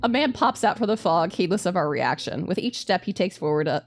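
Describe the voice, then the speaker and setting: A woman streamer reading a visual novel aloud and reacting with giggly, expressive commentary. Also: fairly low pitch, a little fast, faint music behind.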